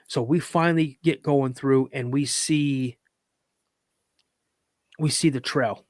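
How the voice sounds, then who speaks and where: A man's voice: mid-range voice, fairly even intonation, slow pace, long pauses, dry recording, clean studio sound. A man, a podcast guest, telling a story casually and animatedly, acting out quoted dialogue in a raised voice and at moments fighting back tears.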